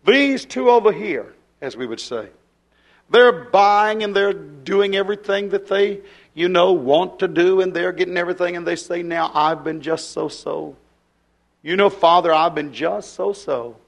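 A man preaching a fiery revival sermon. He acts out dialogue in his sermon and drops to a hush at times. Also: high-pitched, measured pace, vocal fry.

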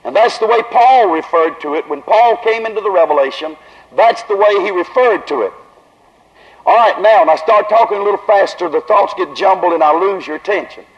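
A man with a Southern accent preaching at a tent revival, drawing his words out slowly and then rising to loud emphasis. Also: high-pitched. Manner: slow, drawn-out delivery that builds to raised emphasis. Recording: dull lo-fi old recording.

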